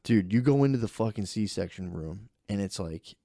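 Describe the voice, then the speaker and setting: A man's voice: lowish voice, expressive, normal speed, dark tone, dry recording, studio quality. A young man co-hosting a podcast, telling a story in a loose, rambling way, swearing and laughing often. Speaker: podcast co-host. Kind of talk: casual chat.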